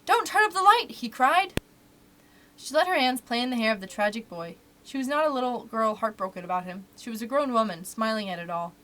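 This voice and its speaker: A woman reading a children's book aloud for a library storytime, with expressive, animated delivery. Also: on the high side, fast, hardly any pauses, a little hiss or hum.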